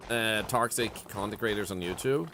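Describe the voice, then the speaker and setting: Speaking at a normal pace in a fairly low voice, a man chats with viewers during a game stream, casual and reflective, with "like" used over and over. Game music plays underneath, leaving the background noisy.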